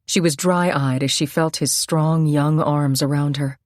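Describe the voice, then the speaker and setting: A woman narrating a suspense novel in a measured, steady storytelling voice on a close microphone. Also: low-pitched, no echo. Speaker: audiobook narrator. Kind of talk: scripted narration.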